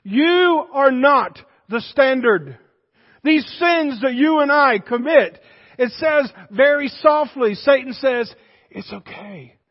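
Casting: high-pitched male pastor, fiery sermon, muffled recording. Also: lively intonation, slow. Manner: swings between shouted exhortation and hushed intensity. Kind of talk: impassioned sermon. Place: church sanctuary. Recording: dull recording with long reverb in a church hall.

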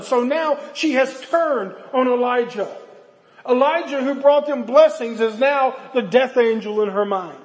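High-voiced preacher in a reverberant hall. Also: male voice, unhurried. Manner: dramatic storytelling, earnest. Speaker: pastor. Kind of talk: sermon.

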